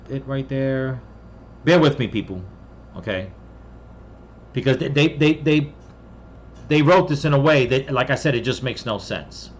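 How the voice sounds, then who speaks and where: A man from the US talks through a trade story in a loose, rambling way, stopping often to check in with a quick "okay?" and trailing off as he hunts for his place on the page. His voice sits a little high for a man, and he reads the quoted passages in the same plain conversational tone. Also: fairly bright tone. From United States. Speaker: commentator. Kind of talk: casual commentary reading an article.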